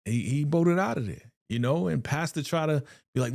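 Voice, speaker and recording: Animated man hosting a reaction stream. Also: mid-range voice, unhurried, no room sound, studio quality. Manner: animated, slangy, repeats phrases, frequent sighs. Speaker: live-stream reaction host. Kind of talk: casual live reaction chat.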